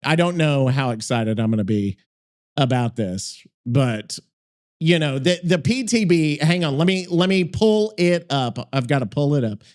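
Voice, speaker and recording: Rambling, foul-mouthed podcast host, high voice. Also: male voice, lively intonation, a little slow, darkish tone. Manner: rambling, swears a lot, self-interrupting. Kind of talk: casual profane podcast chat.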